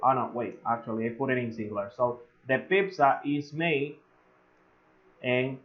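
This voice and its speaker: A native Spanish speaker teaches English grammar in an online lesson, his voice sitting at medium pitch. He goes slowly, filling gaps with "eh" and drawing out his example sentences. The audio is slightly dull and lo-fi.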